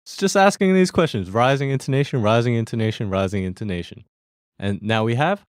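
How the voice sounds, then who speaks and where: A man hosts a language lesson, walking learners through Korean phrases step by step. His mid-pitched voice rises and falls in lively swings. The sound is close and dry, with no room around it. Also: brisk, clear, resonant tone, no room sound. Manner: friendly, breaks down phrases step by step, laughs easily.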